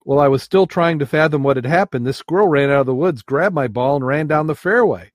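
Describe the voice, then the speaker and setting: A man's voice: fairly high pitch, fairly quick, no echo, studio quality, natural voice. A man voicing a frustrated nun who recounts her golf game. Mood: exasperated. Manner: exasperated, storytelling. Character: frustrated golfing nun, a woman.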